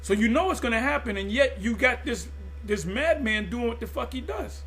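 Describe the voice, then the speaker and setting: A man's voice: very high voice, animated, moderate pace, a bit bright. A man preaching in an impassioned monologue, emphatic and repetitive, often stumbling and restarting mid-phrase. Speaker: religious group teacher.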